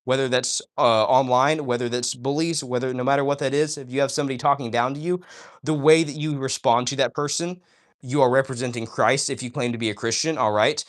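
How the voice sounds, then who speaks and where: Talking a little fast at a medium pitch with fairly even intonation, this male streamer speaks right to his audience during a laid-back livestream, reading chat out loud. His delivery is eager and sermon-like, peppered with "all right?"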